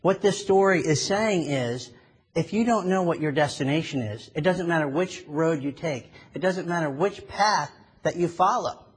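A man delivers a sermon with earnest, measured phrasing. His voice is husky and sits a little high. He talks like a preacher, prayerful and steady.

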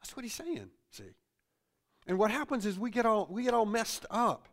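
A middle-aged male pastor delivers a sermon with a high, lively voice that swings up and down. He repeats himself and tags his points with "see?". His delivery is loose and conversational, as if speaking from the pulpit of a church. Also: moderate pace. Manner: animated preaching, repeats phrases, tag questions like "see?".

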